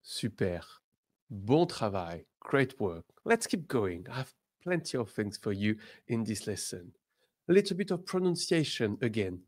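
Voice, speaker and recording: Man, language teacher, slow deliberate delivery, very lively pitch. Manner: slow, expressive, encouraging drills. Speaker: French teacher. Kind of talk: beginner language lesson.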